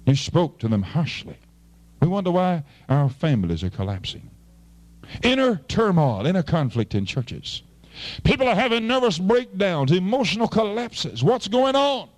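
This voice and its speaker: A man preaching a fervent sermon as pastor, swinging between loud appeals and low, quiet asides. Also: sing-song, normal speed.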